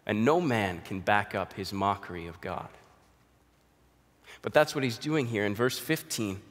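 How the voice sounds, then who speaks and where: A man's voice: fairly low pitch, lively intonation, unhurried, fairly bright tone. A man preaching a sermon, explaining scripture and now and then acting out the quoted voices. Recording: long hall reverb.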